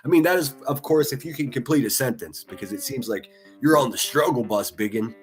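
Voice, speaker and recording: A livestream commentator with a mid-range, expressive voice talks briskly over soft background music. He's profane and taunting, laughing often as he mocks.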